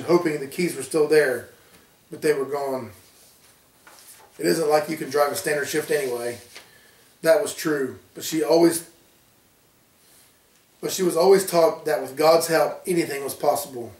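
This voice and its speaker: A man reading his own horror story aloud with a steady storytelling delivery. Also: a little high. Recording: roomy, distant from mic.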